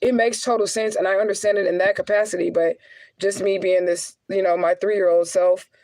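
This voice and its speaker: A woman with a gravelly, fry-tinged voice talks straight to her viewers, blunt and full of swearing. Her laughs come often between the heavier remarks. The sound is close and dry, with no room echo. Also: mid-range voice, steady tone, fairly quick, darkish tone. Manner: profane, blunt, chatty. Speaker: spiritual adviser and vlogger. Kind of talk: casual monologue to viewers.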